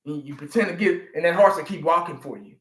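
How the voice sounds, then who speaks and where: Bright-voiced, profane ranting man. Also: on the high side, quick pace, reverberant. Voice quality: profane, emphatic, repeats himself. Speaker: sports fan vlogger. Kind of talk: ranting live reaction.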